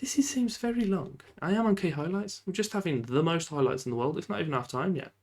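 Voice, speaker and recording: A man giving lively, casual commentary while playing a football management game, often shouting at the referee and laughing. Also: a little high, quick pace. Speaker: gaming YouTuber.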